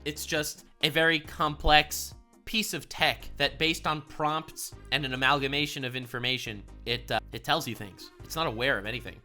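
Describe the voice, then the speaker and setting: A man reacting to a video in casual commentary, swinging from loud exasperated rants to hushed mutters and swearing freely. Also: mid-range voice, normal speed, soft background music. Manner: profane and exasperated. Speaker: reaction streamer.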